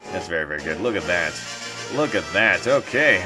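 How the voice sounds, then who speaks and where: A man's voice: low-pitched, animated, normal speed. A man giving hyped, boastful commentary over his video game playthrough, repeating catchphrases, with game music underneath. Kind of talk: let's play commentary.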